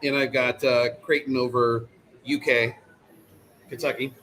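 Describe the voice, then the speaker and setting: A man's voice: mid-range voice, little pitch movement, measured pace, a bit bright. A man co-hosting a casual chat show, easygoing and self-deprecating. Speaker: co-host.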